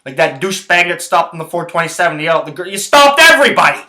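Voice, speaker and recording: A man's voice: on the high side, fairly even intonation, rapid-fire, bright, forceful tone, echoey room, poor audio. A man hosting his own podcast, ranting about sports in a rambling, profane, heated way. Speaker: podcast host. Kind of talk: casual sports rant.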